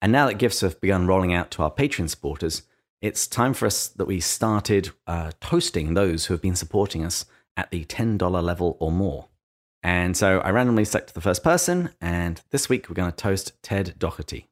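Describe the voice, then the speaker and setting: A man's voice: deep voice, expressive, moderate pace. A man with an English accent, co-hosting a podcast in an easygoing, chatty way. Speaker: podcast co-host. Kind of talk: casual chat.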